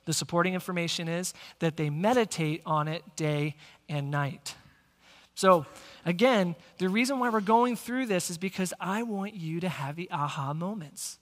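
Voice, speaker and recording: A male pastor preaching a sermon, energetic and speaking directly to the congregation in a church sanctuary. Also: high-pitched, moderate pace. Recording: long church hall reverb.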